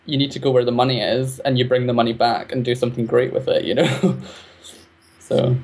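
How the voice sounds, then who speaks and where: A man's voice: medium pitch, fairly even intonation, fairly quick, darkish tone, husky. A man chatting as an interview guest, talking freely and laughing often between points. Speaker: guest, arts project creator. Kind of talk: casual interview chat.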